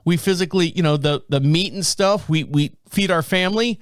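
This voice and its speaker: A man's voice: on the high side, a little fast, no echo, studio quality. A man hosting a podcast, chatting casually about the news, rambling and stumbling over names and words. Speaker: podcast host.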